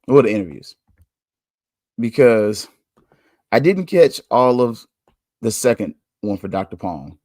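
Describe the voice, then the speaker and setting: A man hosting a podcast, talking candidly in a casual monologue, chatty and quick to laugh. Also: fairly low pitch, big pitch swings, darkish tone, no echo, clean studio sound. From United States. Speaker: podcast host.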